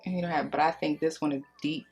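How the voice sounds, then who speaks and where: Chatty low-voiced woman vlogger. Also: quick pace, creaky, muffled recording. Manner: chatty, gossipy, slangy and expressive. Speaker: beauty vlogger. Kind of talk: casual storytime during a makeup tutorial.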